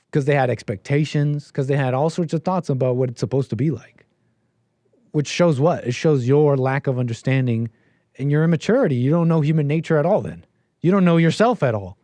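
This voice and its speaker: A man's voice: a little high, mellow, dry recording. Opinionated man ranting on a stream. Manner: opinionated, rambling, rhetorical questions. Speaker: livestream host. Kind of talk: casual commentary stream.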